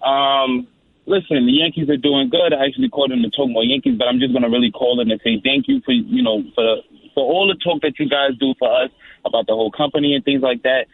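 A man calls in to a radio show, rambling and restarting his sentences. His voice is gravelly and swings widely in pitch. It comes over a tinny, dry phone line. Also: sing-song, quick pace, dry recording. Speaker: caller. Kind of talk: call-in radio chat.

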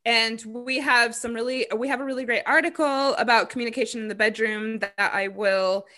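Bright-voiced frank woman podcast co-host. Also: fairly high pitch, steady tone, brisk. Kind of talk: casual chat.

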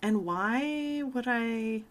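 A woman's voice: a little high, drawn-out words. A young woman in casual chat, telling a story animatedly, acting out quotes and swearing freely.

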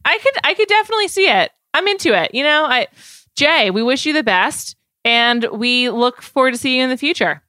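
Female co-host, bubbly and giggly, bright lively voice. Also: high voice, no echo. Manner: bubbly, laughing, quick to agree. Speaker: podcast co-host. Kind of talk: casual chat.

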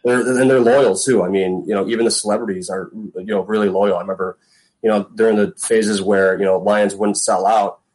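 A man's voice: on the low side, fairly even intonation, brisk, a little mellow, breathy edge, rough recording. A middle-aged man, a former pro football punter, telling stories in a casual interview, rambling with lots of fillers and acting out quotes.

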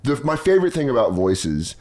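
A man in his thirties hosting a podcast in casual chat, loose and profane, breaking into laughter and quick impressions. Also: medium pitch, big pitch swings, darkish tone. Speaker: podcast host.

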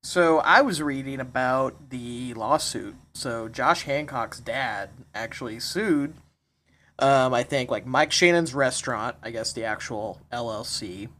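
A man's voice: medium pitch, measured pace, pushed and bright. A man co-hosting a podcast, chatting casually and offhandedly about a story. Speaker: podcast co-host. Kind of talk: casual chat.

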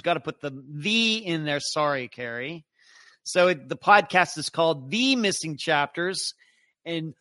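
A man's voice: on the high side, bright, forceful tone, no room sound. A man hosting a live true crime show, chatting casually and greeting viewers one by one. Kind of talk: casual livestream chat.

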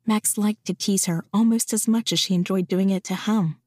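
A woman's voice: mid-range voice, steady tone, moderate pace, a little mellow, dry recording, studio quality. Woman narrating a romance audiobook. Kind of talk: scripted narration of a romance novel.

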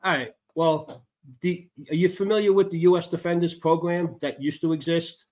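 A man's voice: fairly high pitch, steady tone, moderate pace, a little mellow. Older Chicago-accented man, radio guest, matter-of-fact. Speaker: guest, motorcyclist advocacy director. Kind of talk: casual interview.

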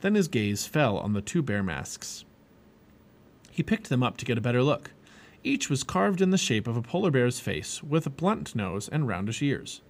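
A man reading a children's chapter book aloud as a parent, animated and expressive. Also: mid-range voice, moderate pace. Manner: animated, expressive reading with many character voices. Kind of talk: storybook read-aloud.

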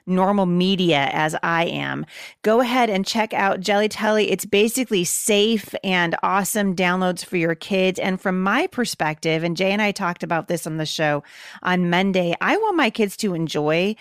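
A woman hosting a podcast, reading a sponsor message in a chatty, enthusiastic way with quick asides. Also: fairly low pitch, clear, resonant tone, no room sound, clean studio sound. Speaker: podcast host. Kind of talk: casual sponsor read.

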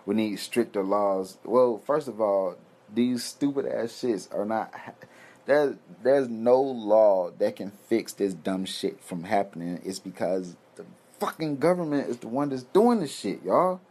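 Young man, heated profane rant, low voice, keeps repeating himself. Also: animated, unhurried, a little mellow. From United States. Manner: profane, heated, repetitive ranting. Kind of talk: ranting monologue.

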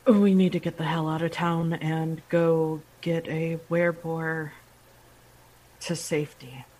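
A woman with a low voice playing a tabletop game. She lays out her character's moves in quick, decisive declarations, and her pitch sits low throughout. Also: fairly even intonation, mellow. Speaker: player.

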